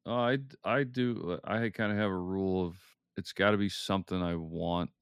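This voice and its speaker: Deep, gravelly man in casual chat. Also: fairly even intonation, moderate pace, dry recording, studio quality. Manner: hesitant, trailing off, laughs often. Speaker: podcast co-host.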